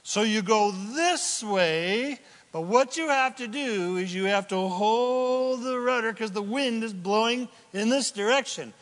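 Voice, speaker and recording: A man preaching a sermon as pastor, swinging between loud exclamations and hushed asides. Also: high-pitched, unhurried. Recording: long hall reverb.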